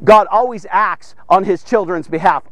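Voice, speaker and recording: A man preaches a devotional in a very high, fervent voice, repeating phrases for emphasis and calling out to his listeners. The recording is dry and close, with no room sound. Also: normal speed, no echo. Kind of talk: energetic devotional sermon.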